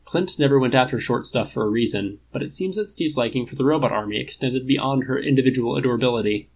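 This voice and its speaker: Guy reading fanfic out loud, husky voice, laid-back wry tone. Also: medium pitch, fast talker, low-quality recording. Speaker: podfic reader. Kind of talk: audiobook narration of fan fiction.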